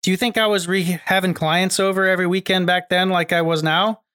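A middle-aged man in a casual podcast chat, giving advice in a measured way and asking and answering his own questions. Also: sits high, flat delivery, bright, forceful tone, clean tone, no room sound, studio quality. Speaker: podcast co-host.

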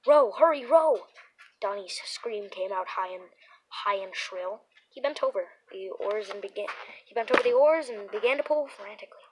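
A woman reading a children's horror book aloud, with dramatic, expressive storytelling and the occasional restart. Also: mid-range voice, moderate pace, slight background noise, poor audio. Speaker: narrator.

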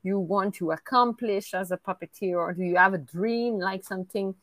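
A woman's voice: mid-range voice, normal speed, a bit bright, no room sound. A woman interviewer asking questions and giving brief encouraging reactions. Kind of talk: casual interview.

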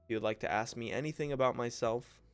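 A man's voice: medium pitch, fast talker, clean tone, soft background music. A young man hosting his own podcast, telling childhood stories in a loose, joking way, calling the listener bro and mimicking the people in his stories. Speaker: podcast host and content creator. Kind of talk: casual solo podcast storytelling.

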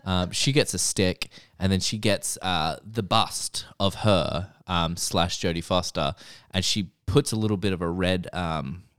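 A man co-hosting a casual podcast chat, retelling a TV episode with animated quoting. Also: measured pace, smooth, no echo, clean studio sound. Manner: animated, jumps into high voices when quoting. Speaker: podcast co-host.

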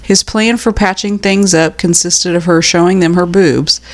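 A woman's voice: on the low side, fairly even intonation, measured pace. A woman co-hosting a podcast, reading out stories in a casual way and laughing often. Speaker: podcast co-host. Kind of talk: casual storytelling chat.

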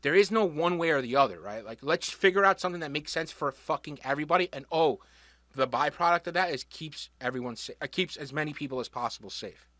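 Podcast co-host, blunt and sweary, tense bright tone, close dry sound. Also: male voice, fairly high pitch, animated, fast, no room sound. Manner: blunt, profane, joking. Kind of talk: casual podcast chat.

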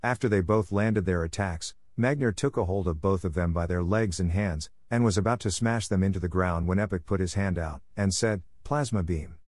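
A man reading an action story aloud in a steady, plain narration. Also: sits low, dry recording, studio quality.

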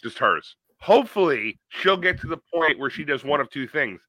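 Young male podcast co-host, very bright edgy voice, dry close sound, deadpan one-liners. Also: on the high side, normal speed, dry recording. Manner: blunt, deadpan comebacks. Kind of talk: casual chat.

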